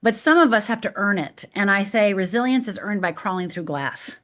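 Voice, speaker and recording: A woman's voice: medium pitch, lively intonation, brisk, a bit bright. A woman guest, a life coach, answering in an emphatic, motivational way. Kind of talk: interview answer.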